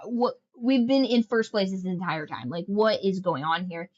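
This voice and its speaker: A woman's voice: medium pitch, normal speed, highs cut off, close to an everyday voice. A woman voicing a baffled male jockey, exasperated and disbelieving.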